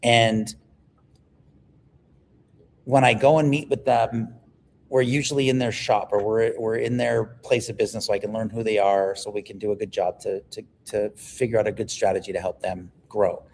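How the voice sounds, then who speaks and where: A man, a livestream guest telling stories in an animated, emphatic way. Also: fairly low pitch, normal speed, a little hiss or hum. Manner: animated storyteller, emphatic, repeats words when excited. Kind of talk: casual livestream conversation.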